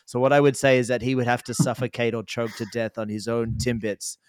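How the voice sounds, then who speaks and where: A man's voice: medium pitch, flat delivery, a little fast, clean tone. A man co-hosting a casual podcast, rambling through crude stories with frequent laughs. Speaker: podcast co-host.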